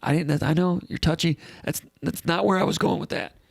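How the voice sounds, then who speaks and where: A man's voice: a little high, a little fast, vocal fry, dry recording, studio quality. A man hosting a live call-in sports show in a casual, rambling way, reading out comments and thinking aloud.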